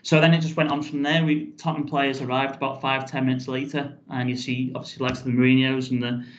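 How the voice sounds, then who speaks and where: A football club chief executive tells a story in a podcast interview, talking fast in a flat, medium-pitched voice. He rambles, restarts phrases and says "um" and "you know" a lot, with dull lo-fi audio and slight background noise.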